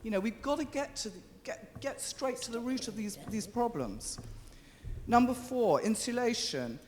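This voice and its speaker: A man giving an impassioned public statement to a committee, urgent and halting with fillers and restarts. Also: very high-pitched, animated, a little mellow, big-room sound. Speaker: member of the public speaking to a committee. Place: large meeting chamber.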